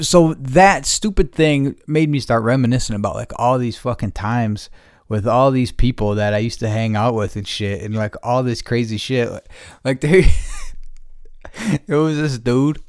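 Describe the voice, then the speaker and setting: Podcast host, New man, swearing storyteller, dry close sound, mid pitch. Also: no room sound. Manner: profane, loose and chuckling. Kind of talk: rambling casual storytelling.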